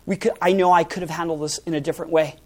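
A middle-aged man preaching a sermon as pastor, emphatic and animated, his voice swinging from loud to soft. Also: on the high side, racing.

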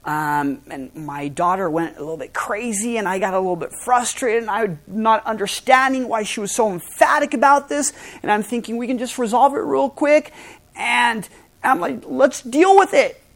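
A middle-aged man preaching a sermon as pastor, emphatic and animated, his voice swinging from loud to soft. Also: sits high, moderate pace.

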